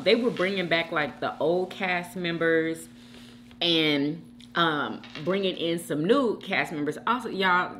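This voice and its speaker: A woman with a fairly low voice hosts a mukbang channel, chatting casually and eating while calling out to her viewers often. She's animated and keeps addressing them as "y'all." There's a little hiss or hum on the recording.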